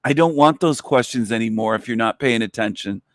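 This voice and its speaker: A man's voice: mid-range voice, brisk, no echo, studio quality. A man hosting a livestream, scolding his viewers in an irritated, profane rant. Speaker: livestream host.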